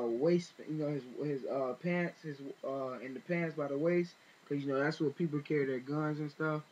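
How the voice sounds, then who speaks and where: Indignant man rambling on a lo-fi recording. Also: fairly high pitch. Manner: rambling retelling with many fillers and restarts, indignant. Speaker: vlogger. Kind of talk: casual spoken commentary.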